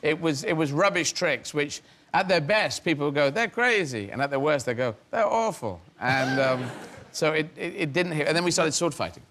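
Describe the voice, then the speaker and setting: A man's voice: fairly high pitch, fairly quick, fairly bright tone. Rambling, self-mocking Englishman telling stories. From England. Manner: rambling, self-mocking, laughs mid-sentence. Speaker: interview guest, comedian. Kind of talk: anecdotal storytelling.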